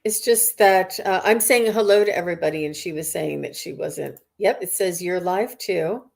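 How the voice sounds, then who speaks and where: A woman's voice: on the low side, moderate pace, creaky, darkish tone. Chatty woman greeting live-stream viewers. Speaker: psychic medium host. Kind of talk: live-stream question session.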